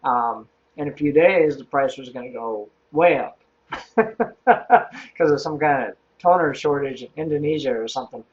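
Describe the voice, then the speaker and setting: A man's voice: medium pitch, normal speed, dull audio. A man telling a true workplace story in a casual, wry way, chuckling as he goes.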